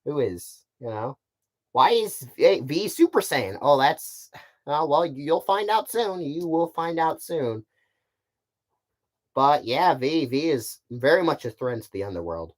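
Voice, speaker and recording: A man talks offhandedly to his viewers on a stream, his pitch rising and falling in a lively way. He often trips over words, repeating them before he finishes a thought. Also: unhurried. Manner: rambling and offhand, with frequent fillers like "like" and "you know". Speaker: puppet series creator on a stream. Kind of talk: casual stream chat answering viewer questions.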